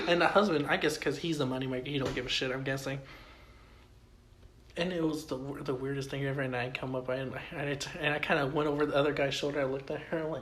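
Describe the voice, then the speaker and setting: A man co-hosting a podcast, telling stories in a casual chat, animated, laughing often and swearing freely. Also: a little high, quick pace, a little hiss or hum. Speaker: podcast co-host.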